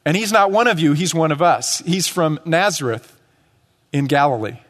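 A man's voice: a little high, normal speed, a bit bright, big-room sound. A male pastor delivering a sermon in a conversational way, acting out quotes as he teaches. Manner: conversational preaching with acted-out quotes. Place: church sanctuary.

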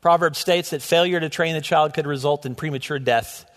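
Middle-aged male pastor, earnest sermon, somewhat high voice, long church reverb. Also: brisk, fairly bright tone. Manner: earnest, with frequent restarts and repeated words. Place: church sanctuary.

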